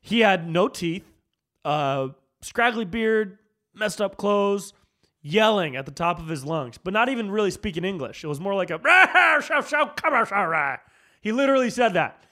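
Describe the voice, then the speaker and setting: A slightly high-pitched man rants on his podcast, loose and profane, calling everyone "dude". He drops into mumbled asides, then fires back up with comic outrage. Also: expressive, normal speed, a bit bright. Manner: loose and profane, peppered with "dude", jumps between mumbling and fired-up. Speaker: comedian and podcast host. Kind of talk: casual ranting monologue.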